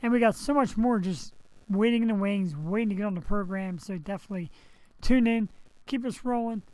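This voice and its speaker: A man's voice: high-pitched, a little fast, a little mellow, dry recording, rough recording. A man hosting his live internet show from home on a headset mic. He rambles in a loose, chatty way, tossing in jokey asides. He's recovering from surgery. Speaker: host. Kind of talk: casual live web show chat. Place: home setup, streaming.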